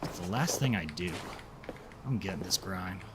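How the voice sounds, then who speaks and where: A man's voice: low-pitched, lively intonation, normal speed, very noisy. A man streaming a game, chatting casually with his viewers in a rambling, self-deprecating way. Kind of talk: casual live-stream chat.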